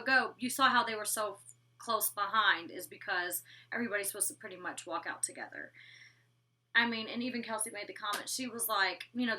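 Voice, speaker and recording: A woman's voice: mid-range voice, bright, forceful tone, recorded from a distance. A woman in her twenties casually recapping a reality show episode, blunt and sassy, swearing freely. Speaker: former reality show cast member reviewing episodes.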